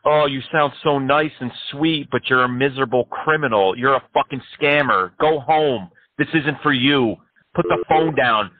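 A man's voice: mid-range voice, normal speed. A man prank-calling phone scammers in a mocking, taunting way, swearing freely. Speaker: scam baiter. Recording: tinny phone line.

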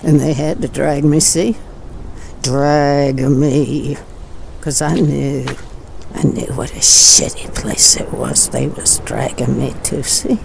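A woman's voice: a bass voice, fairly even intonation, slow, vocal fry, a little hiss or hum, heavily acted. An actress playing a destitute older woman ranting, in an audio drama. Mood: bitter. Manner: furious ranting, drawling rural speech. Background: rain.

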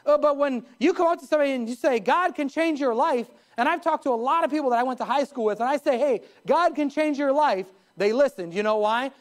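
In a church sanctuary, a pastor delivers a live sermon with emphasis, abruptly shifting his pitch and pace. He chuckles at jokes he makes himself.

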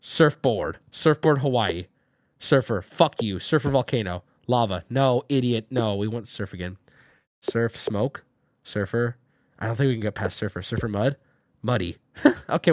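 A man's voice: medium pitch, animated, moderate pace, no echo, clean studio sound. A man streaming a game, talking through each move aloud, swearing and breaking into sudden yelps. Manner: swears often, talks through moves out loud, with sudden yelps. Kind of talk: live-streamed game commentary.

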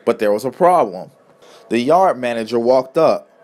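A man's voice: mid-range voice, animated, moderate pace, a little mellow. Man reading a storybook tale. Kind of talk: amateur storybook narration.

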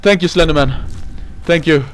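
This man has a fairly high voice at normal speed as he plays a horror game for his YouTube channel, using a cheap mic and a face cam. He talks in simple non-native English, and fright makes him panic, swear, and scream.

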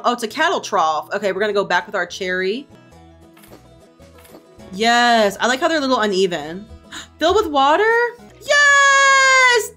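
A young woman streamer giving casual gameplay commentary, excitable, gasping and swearing freely. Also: on the high side.

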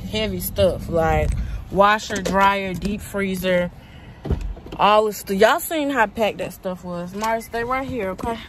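A woman's voice: mid-range voice, slow pace, slight background noise. A woman chatting casually to her viewers in a family vlog, telling a story from her storage unit. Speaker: family vlogger. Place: storage unit, partly outdoors.

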